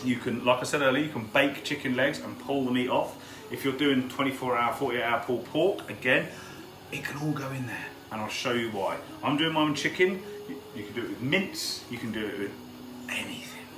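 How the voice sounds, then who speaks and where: Broadcasting a live cook-along from his own kitchen, this male host talks casually and calls out viewers by name while he cooks. He speaks fairly quickly at a medium pitch, and the background is noisy, with echo and frying sizzle filling the room.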